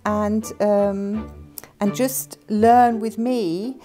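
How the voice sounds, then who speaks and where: Mellow-voiced woman tutor explaining. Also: mid-range voice, fairly even intonation, drawn-out words, soft background music. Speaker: English tutor. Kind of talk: interview answers.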